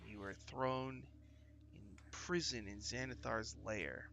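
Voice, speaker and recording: A man running a tabletop game as game master, narrating in a loose, halting way with many fillers. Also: mid-range voice, fairly even intonation, bright, forceful tone, a little hiss or hum.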